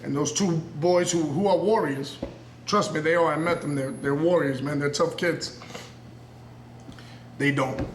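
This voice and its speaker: New York wrestler in his 30s, earnest, rambling promo, fairly high voice, roomy sound. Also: measured pace, long pauses, a little hiss or hum. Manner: earnest and intense, rambling, circling back on himself. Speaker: professional wrestler. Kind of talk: raw unscripted wrestling promo interview. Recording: roomy echo.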